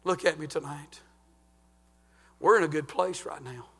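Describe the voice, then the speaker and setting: A man preaching a sermon as pastor, swinging from sung, shouted climaxes down to low, hushed warnings. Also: measured pace, gravelly, husky. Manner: fervent preaching, rising to chanted shouts then dropping low.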